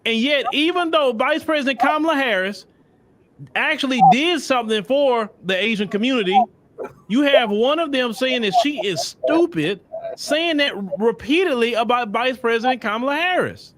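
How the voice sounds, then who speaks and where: Male show host, high and animated, preachy commentary addressed straight to the audience. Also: normal speed. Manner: preachy, repeats himself, speaks straight to his audience. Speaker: podcast host.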